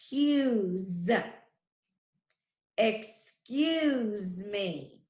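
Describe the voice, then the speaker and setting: Slow, careful woman teaching phonics. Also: fairly high pitch, big pitch swings, darkish tone. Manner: slow, clear, sounding out letters and syllables. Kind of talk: phonics lesson for children. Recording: echoey room.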